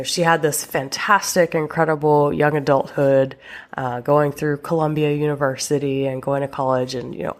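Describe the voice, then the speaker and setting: A young woman hosting her own talk show as a relationship coach, chatting casually and with exasperation, swearing and laughing, with a sinus infection. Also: low-pitched. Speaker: podcast host and relationship coach. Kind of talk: casual solo podcast talk.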